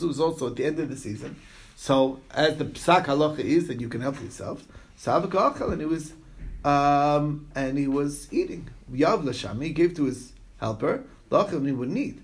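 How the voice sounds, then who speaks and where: A man with a slightly high, gravelly voice leads a casual Talmud class. He reads a line of the text aloud, then unpacks it in easygoing, conversational asides, often pausing to check in with his listeners. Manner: storytelling with frequent "okay?" check-ins. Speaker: Talmud teacher.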